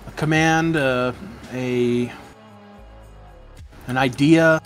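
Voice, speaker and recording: Measured male game master. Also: medium pitch, fairly even intonation, soft background music. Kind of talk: narrating a tabletop game.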